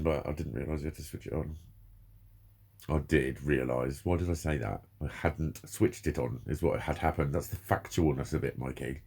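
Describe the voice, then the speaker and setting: A vlogger in his forties, with an extremely low, gravelly and slightly mellow voice, speaks candidly and emotionally to the camera. His confessional monologue is full of heavy swearing.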